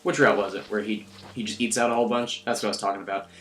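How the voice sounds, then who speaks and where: A man's voice: fairly low pitch, steady tone, very fast, fairly bright tone, a little hiss or hum. A young man giving a rambling, sarcastic, crude recap of a game as the host of his own video. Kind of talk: casual game recap commentary.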